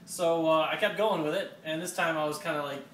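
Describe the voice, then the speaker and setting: A man telling an embarrassing anecdote in a casual, animated way, acting out what he said. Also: fairly high pitch, a little fast, reverberant, far from the mic. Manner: animated, acts out quotes. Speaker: storyteller on a talk show.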